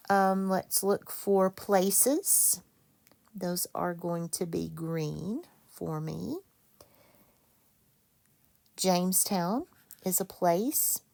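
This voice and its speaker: A woman teacher leading a reading lesson for children, patient and quick to correct herself. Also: lowish voice, gravelly, dark tone. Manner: slow, patient, self-correcting.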